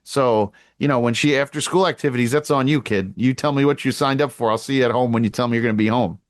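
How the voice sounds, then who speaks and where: A middle-aged man co-hosting a casual podcast who tells stories animatedly and jumps up in pitch when he acts out what people said. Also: fairly even intonation, fast talker, no room sound. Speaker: podcast co-host; girls flag football coach. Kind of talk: casual chat.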